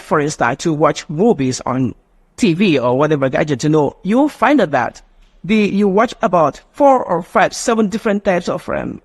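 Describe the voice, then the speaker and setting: A man's voice: fairly high pitch, husky. A man with a Nigerian English accent teaching a live online phonetics class, rambling and often restarting his phrases.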